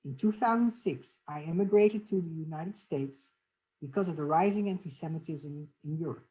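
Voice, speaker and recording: Podcast co-host: woman from the Netherlands, lowish mellow voice, measured scripted intro. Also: rough recording.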